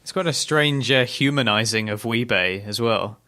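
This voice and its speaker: On a podcast, a co-host breaks down a TV episode in relaxed, analytical conversation, reading plot summaries along the way. He has a bright, forceful tone at medium pitch and a moderate pace.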